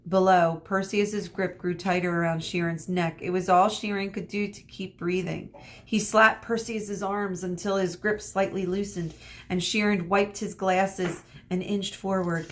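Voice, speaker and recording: A woman teacher reading a chapter book aloud to children, expressive, stopping for asides to her listeners. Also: medium pitch.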